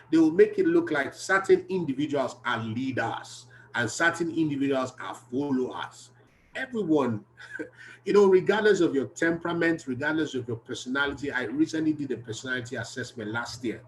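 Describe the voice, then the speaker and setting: A man's voice: on the high side, moderate pace, slight background noise, rough recording. A man giving an earnest, emphatic self-help talk, repeating key phrases to drive them home. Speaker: behavioral health speaker.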